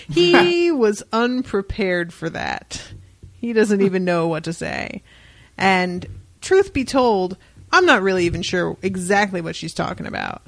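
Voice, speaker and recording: A young woman co-hosts a casual book-club podcast, retelling a comic story with wry, profane asides and quoted voices. Her mid-range voice is very animated yet unhurried.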